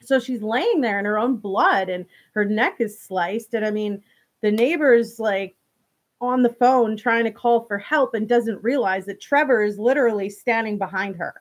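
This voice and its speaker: A woman's voice: fairly high pitch, moderate pace. A woman hosting a show, casually retelling a true-crime story to her viewers, full of "you know" and restarts. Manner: talks straight to viewers. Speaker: host.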